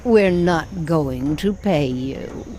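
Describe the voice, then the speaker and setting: A woman's voice: low-pitched, animated, very slow, warm tone, a little hiss or hum, heavily acted. A woman voicing an ancient talking stone head in a video game, grave and prophetic with a matter-of-fact turn. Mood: solemn.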